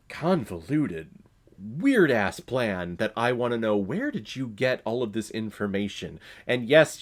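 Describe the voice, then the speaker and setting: A man reviewing a film in a casual vlog, blunt and profane, often breaking into laughter. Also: mid-range voice. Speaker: movie reviewer.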